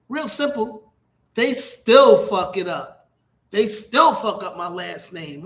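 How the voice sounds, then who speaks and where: Recorded in an echoey room, this middle-aged radio talk show host speaks slowly in a high, somewhat bright voice. He delivers a casual, rambling monologue full of profanity and repetition.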